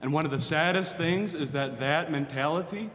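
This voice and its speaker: A man's voice: normal speed, a bit bright. A man preaching a sermon, earnest and repeating phrases for emphasis. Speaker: pastor. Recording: hall reverb with faint rumble.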